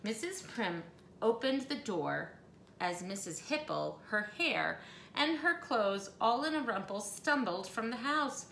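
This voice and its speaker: Expressive woman reading a storybook aloud. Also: fairly high pitch, measured pace, creaky, a little hiss or hum. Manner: expressive, animated storytelling with asides. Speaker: storybook reader. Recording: echoey room, faint ambience.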